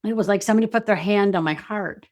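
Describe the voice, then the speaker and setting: A woman speaking as an interview guest, telling a personal story in a reflective, halting way with many "you know" and "like" fillers. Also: medium pitch, darkish tone. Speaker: intuitive guide and energy advisor, guest.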